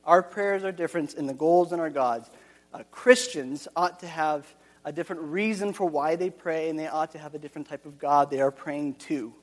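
Man preaching in a church, earnest, says stuff twice, bit of a high voice, echoey hall. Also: moderate pace. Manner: earnest, repeats key phrases, frequent restarts. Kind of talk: sermon.

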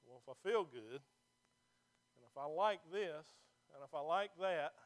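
To a church full of seated listeners, a man with a markedly high voice gives an emphatic sermon built on rhetorical questions. He takes his time, and his intonation is lively.

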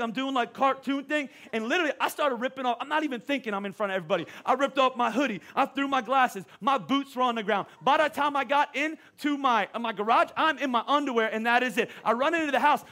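High, bright-voiced male preacher. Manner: animated storytelling with self-deprecating humor. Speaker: pastor. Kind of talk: sermon.

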